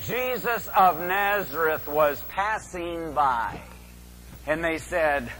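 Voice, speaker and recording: An older man from California's San Joaquin Valley preaching a sermon as a story, with dramatic swings from hushed to loud. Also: a little high, animated, slow pace. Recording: reverberant hall.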